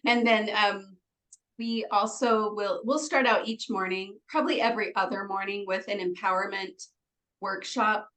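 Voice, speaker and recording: A woman's voice: medium pitch, fairly even intonation, moderate pace, sharp tone, low-quality recording. A woman guest on an interview, bubbly and chatty, giggling often and filling with "like" and "um.". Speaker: guest, retreat organizer. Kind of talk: conversational interview.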